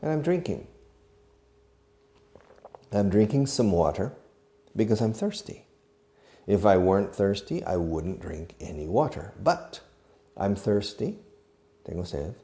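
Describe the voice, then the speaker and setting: Gravelly, slow-talking male English teacher. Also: fairly low pitch, very animated, warm tone. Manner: acts out each verb while explaining, mixes in Spanish glosses. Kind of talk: slow demonstrative language lesson.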